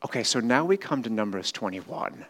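A middle-aged man preaching a sermon in a church. He swings between loud, animated retellings and quiet, slow reflection. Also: medium pitch. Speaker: pastor. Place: church hall with a screen.

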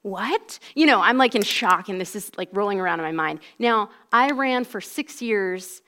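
A woman in her forties recounts a personal faith story in a relaxed, conversational way. She leans heavily on "like" and "you know" as she talks, and her voice sits at an ordinary pitch for a woman. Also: moderate pace, smooth. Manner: conversational, heavy use of "like". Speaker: speaker giving a personal testimony. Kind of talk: casual spoken storytelling.

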